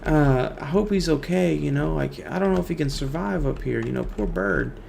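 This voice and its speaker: A man voicing a worried young woman on a plane, speaking softly and low in a joke he tells. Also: animated, moderate pace, vocal fry, slight background noise. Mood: hushed worry. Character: worried young woman flying with her bird.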